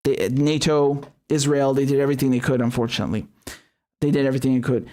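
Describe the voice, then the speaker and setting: A man's voice: mid-range voice, level tone, fast talker, warm tone. A man hosting a live stream, commenting bluntly with heavy swearing and many restarts, then reading viewer chats. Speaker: show host.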